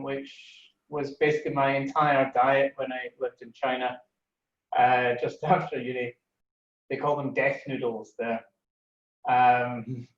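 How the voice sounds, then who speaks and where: A young man reading his own wry poem on a video call, halting with ums. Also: medium pitch. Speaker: guest poet. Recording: echoey distant dull video call.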